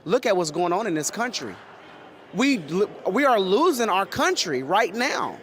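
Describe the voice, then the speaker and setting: A man's voice: high-pitched, big pitch swings, measured pace, a bit bright, slight background noise. A man from Texas being interviewed at a rally, talking passionately and often repeating himself and restarting. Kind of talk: street interview.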